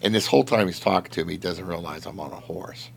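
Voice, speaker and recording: A man with a low, gravelly voice talks fast as he recounts his patrol work in casual chat. He rambles, using lots of filler words, and stays animated, laughing as he tells the story.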